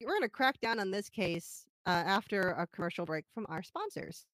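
A woman's voice: mid-range voice, sing-song, moderate pace, fairly bright tone, no room sound. A woman hosting a mock true-crime podcast, chatty, with stumbling phrasing and frequent giggles. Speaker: host.

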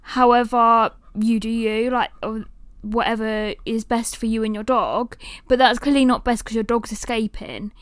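A woman hosting a podcast, telling a story in a lively, animated way and sometimes cooing at her dog. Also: fairly high pitch, moderate pace, smooth, no room sound, clean studio sound. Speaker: podcast host.

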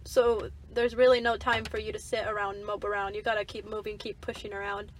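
A woman's voice: mid-range voice, level tone, fairly quick, slight background noise. A teenage girl co-hosting a casual podcast, giggling as she reads out text messages. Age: teens. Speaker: podcast co-host. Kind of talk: casual chat. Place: parked car by a lake in rain.

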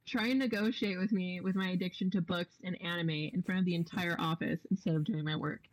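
Lively young woman telling a funny story. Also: on the low side, quick pace, low-quality recording. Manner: animated, laughing, acts out quotes. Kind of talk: casual storytelling chat.

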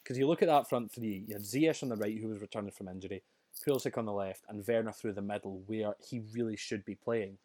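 A man's voice: fairly low pitch, fast, a little mellow, no room sound. A man co-hosting a casual football chat, talking chattily with frequent restarts and laughs. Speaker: podcast co-host.

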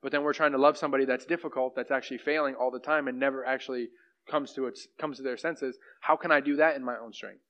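A man's voice: mid-range voice, steady tone, fast talker, fairly bright tone. A young man preaching in a casual, conversational way, often asking "right?" to the room. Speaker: pastor. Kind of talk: sermon. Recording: dull lo-fi sound.

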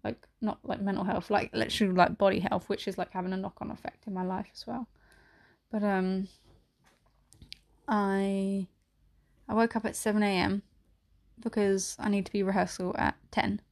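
A woman's voice: mid-range voice, flat delivery, normal speed, gravelly, a little mellow. Young woman rambling through a candid podcast. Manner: rambling, many "like" fillers and swearing; emotional, voice near tears at times. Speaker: podcast host. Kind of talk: candid solo podcast monologue.

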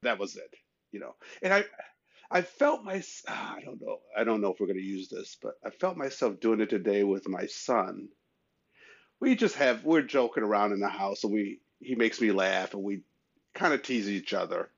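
Here a chat show co-host shares his own stories in an earnest way, raising his pitch as he acts out the voices he quotes. He speaks at a moderate pace with lively intonation and a creaky quality, and the audio sounds muffled.

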